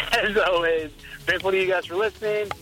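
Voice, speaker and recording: A man co-hosting a casual podcast in an upbeat, joking way. His voice sits a bit high and sounds bright and forward. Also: steady tone, moderate pace, soft background music, poor audio. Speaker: podcast co-host.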